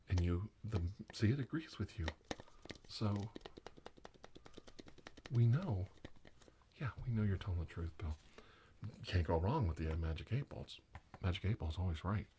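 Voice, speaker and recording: A man doing a teasing whispered role-play, drifting between soft talk and breathy whispers. His voice is low and mellow. A faint hiss sits under the recording. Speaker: ASMR parody host.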